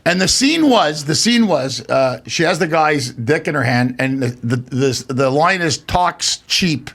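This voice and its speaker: A comedian from Canada, telling a long anecdote as a guest on a casual podcast, with lots of fillers and restarts. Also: male voice, fairly high pitch, animated, measured pace, fairly bright tone.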